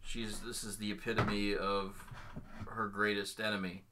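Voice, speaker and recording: A man running a tabletop fantasy game as game master, narrating scenes in a measured, descriptive way. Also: fairly low pitch, level tone, noisy background.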